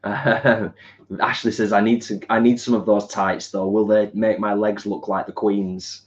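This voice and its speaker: A man's voice: fairly low pitch, flat delivery, a little slow. Upbeat man reading chat. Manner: upbeat, reads viewer comments aloud. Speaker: co-host reading chat messages. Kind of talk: casual chat. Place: home kitchen. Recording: dull lo-fi sound.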